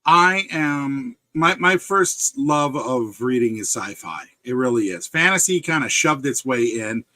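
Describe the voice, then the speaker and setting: Bright, lively Upper Midwest man. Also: medium pitch, a little slow, no echo. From Wisconsin. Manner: jokey, laughs often, rambling asides. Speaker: guest author. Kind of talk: casual interview chat.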